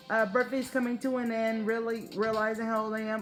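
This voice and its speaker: A woman's voice: on the high side, fairly quick, hardly any pauses, soft background music. A young adult woman from the United States telling a casual vlog story, swearing freely and acting out what people said in raised voices. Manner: animated, profane, acts out quotes in raised voices. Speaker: vlogger.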